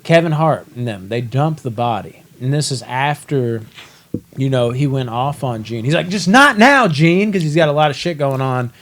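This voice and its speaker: A man's voice: medium pitch, normal speed. A man co-hosting a casual show review, retelling scenes with lots of swearing and acted-out quotes. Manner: animated, swears a lot, acts out scenes in quotes. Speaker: podcast co-host.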